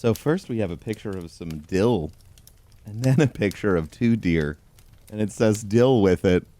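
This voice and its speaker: A man reading a pun book aloud in a dry, deadpan comedic tone, chuckling along. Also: fairly low pitch, normal speed. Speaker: comedy host.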